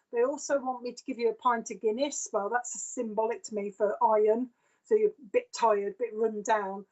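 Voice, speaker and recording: A woman's voice: fairly high pitch, a little mellow. A woman giving a chatty live-stream psychic reading, passing on messages loosely with lots of fillers. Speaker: psychic medium. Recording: dull lo-fi stream sound.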